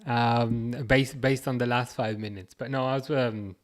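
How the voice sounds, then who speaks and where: A man with a Birmingham accent from the UK hosts a football watchalong livestream, reading out viewer comments in a halting, casual way with many restarts. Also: mid-range voice, fairly even intonation. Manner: halting, restarts often, chuckles, reads comments aloud. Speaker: livestream host reading chat.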